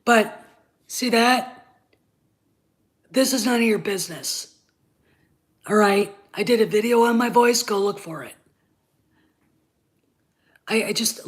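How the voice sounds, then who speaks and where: On her channel, a woman gives hot-tempered, profane, no-nonsense opinions. Her mid-range voice is congested as she gets over covid, moving at normal speed with long pauses.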